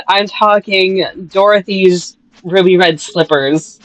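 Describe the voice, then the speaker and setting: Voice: mid-range voice, animated, a little slow, rough recording. A co-host of a gaming video chatting casually, swearing now and then. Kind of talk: casual chat while playing a game.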